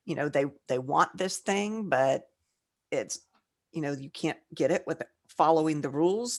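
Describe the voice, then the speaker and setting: Low-voiced woman podcast co-host. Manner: joking, reads definitions aloud slowly. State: tipsy, slurring slightly. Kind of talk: casual chat.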